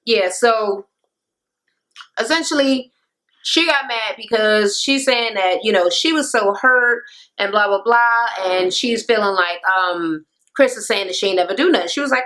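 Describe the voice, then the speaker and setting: A woman's voice: mid-range voice, unhurried, a bit bright. A young woman giving a casual, profane recap rant on a reality show, blunt and full of filler words. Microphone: camera mic.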